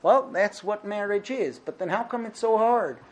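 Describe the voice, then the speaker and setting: A man with a high-pitched voice gives a lecture to a class on marriage. He speaks with emphasis and presses his points with rhetorical questions. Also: moderate pace.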